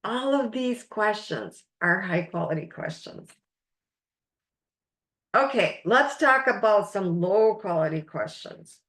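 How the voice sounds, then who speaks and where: A woman's voice: mid-range voice, animated, takes it slowly, fairly bright tone. A woman life coach teaching a recorded masterclass, speaking in an encouraging, emphatic way and stressing key words.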